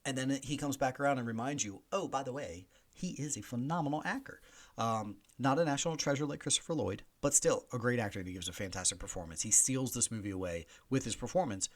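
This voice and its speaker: A man's voice: medium pitch, fast, few pauses. A man in his forties hosting a podcast, chatting casually and animatedly through movie reviews and news. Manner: animated, chatty, mock voices in quotes. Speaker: podcast host. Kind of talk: solo movie review chat.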